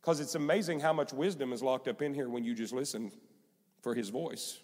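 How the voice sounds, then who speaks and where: A man's voice: medium pitch, brisk, darkish tone. Emphatic male pastor in a ringing hall. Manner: emphatic, repetitive preaching. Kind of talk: sermon. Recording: long hall reverb.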